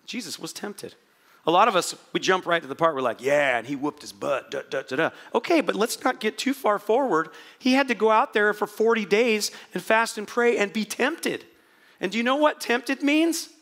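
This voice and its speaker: A man preaching a sermon to a congregation, swinging from quiet asides to loud, impassioned moments. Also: high-pitched, normal speed. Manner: animated, swings from quiet asides to shouted prayers. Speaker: pastor.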